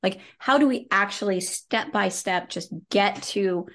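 A woman hosts a relaxed interview, her voice set at an ordinary middle pitch. She talks in an animated, playful way, laughing often and wandering through loose, "like"-filled asides. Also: unhurried. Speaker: podcast host. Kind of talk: casual conversational interview.

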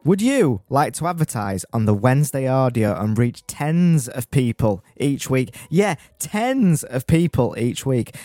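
A man's voice: fairly high pitch, mellow, no echo, clean studio sound. A male podcast co-host doing a playful, teasing mock advert, often stammering and restarting.

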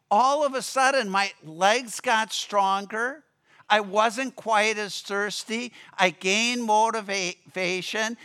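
Bright, clear-voiced pastor preaching. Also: male voice, sits high. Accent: Upper Midwest American. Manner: storytelling, conversational with fillers. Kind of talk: sermon. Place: church sanctuary.

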